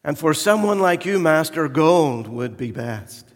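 A man's voice: a little high, lively intonation, unhurried. A man voicing a proud, showy gold vessel in a poem read aloud from the pulpit. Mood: boastful. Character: boastful shiny gold vessel begging to be chosen. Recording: echoey church hall.

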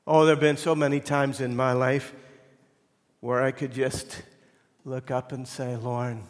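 A man preaching a sermon as pastor, moving between loud emphatic lines and hushed, almost whispered ones. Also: mid-range voice, little pitch movement, measured pace. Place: church sanctuary. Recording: long reverb of a church hall.

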